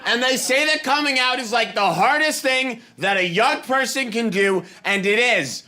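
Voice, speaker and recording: A stand-up comedian from Boston telling an animated story on a live stage, swinging from hushed asides to outbursts. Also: male voice, very high voice, normal speed. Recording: live set with ambient noise.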